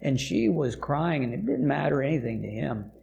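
Earnest gravelly male pastor telling a story. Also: a little high, big pitch swings, darkish tone, muffled recording. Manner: earnest, halting, corrects himself mid-sentence. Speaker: missionary pastor to a deaf church. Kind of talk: sermon testimony storytelling.

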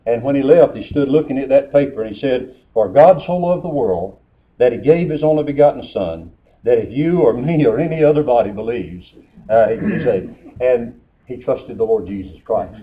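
A man's voice: medium pitch, expressive, moderate pace. Man preaching over a tinny line. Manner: folksy storytelling with scripture quotes. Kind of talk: sermon. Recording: tinny phone-like sermon recording.

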